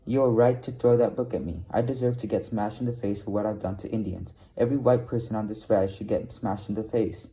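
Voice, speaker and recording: A man's voice: lowish voice, brisk, few pauses, warm tone, close to an everyday voice. A man reading as a blunt, earnest teacher. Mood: urgent. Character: earnest middle-aged male teacher, blunt. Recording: dull lo-fi read-aloud recording.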